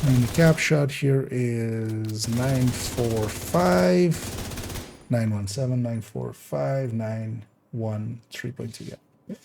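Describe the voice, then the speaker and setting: A man's voice: medium pitch, slow, gravelly, a little mellow, a little hiss or hum. A man streaming a game live, in casual commentary, thinking aloud hesitantly as he works through numbers.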